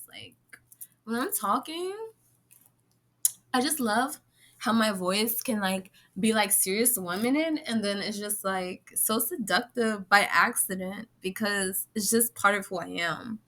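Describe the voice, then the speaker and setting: A young woman vlogger talks casually to camera at a medium pitch, animated and swearing freely. She laughs often and slips into playful voices.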